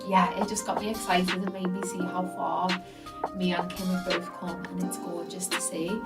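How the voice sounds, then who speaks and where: A woman with a Scouse accent hosting a podcast, talking in an effusive, enthusiastic way. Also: mid-range voice. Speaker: podcast host. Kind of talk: casual interview chat.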